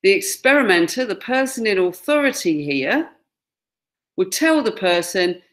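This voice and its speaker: A woman's voice: medium pitch, big pitch swings, moderate pace, a bit bright. A woman gives a classroom lecture, pointing out pictures and acting out quoted lines. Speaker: teacher.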